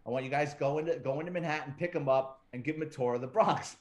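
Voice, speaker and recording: A man's voice: on the high side, fast. Profane wisecracking middle-aged man. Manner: profane, wisecracking storyteller who acts out quotes. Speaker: retired police detective, guest. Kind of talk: casual storytelling interview.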